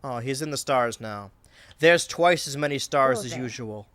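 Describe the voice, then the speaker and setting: A man streaming a video game, chatting casually in a rambling, jokey way that swings between loud outbursts and mutters. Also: mid-range voice, moderate pace. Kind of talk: casual let's-play commentary.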